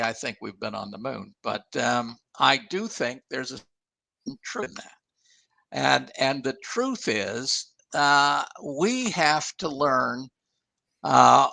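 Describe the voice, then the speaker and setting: An older man, a guest on a radio talk show, answering thoughtfully with many restarts and halting pauses. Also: medium pitch, creaky, pushed and bright, no echo. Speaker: guest, former engineer and author. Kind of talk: casual interview talk.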